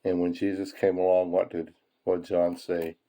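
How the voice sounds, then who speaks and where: A man's voice: deep voice, little pitch movement, moderate pace, warm tone, slight background noise. A man hosting a coin-hunting video, chatting casually with viewers in a folksy way while sorting pennies. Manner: folksy, chuckles often, addresses viewers as folks. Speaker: coin-roll hunting channel host. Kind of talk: casual chat while searching coin rolls.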